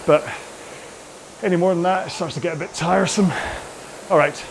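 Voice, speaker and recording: Man coaching a rowing session, fairly high voice, chatty and self-mocking, faint background hiss. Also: fairly even intonation, normal speed, vocal fry. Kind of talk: workout coaching while rowing.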